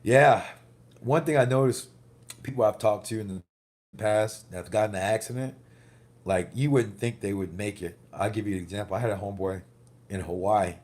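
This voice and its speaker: Man, casual vlogger, bruised after a wreck; deep voice, swearing, heated storytelling. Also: a little fast, a little mellow. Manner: rambling, profane, heated storytelling. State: recovering from a car wreck, banged up. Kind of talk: casual vlog monologue.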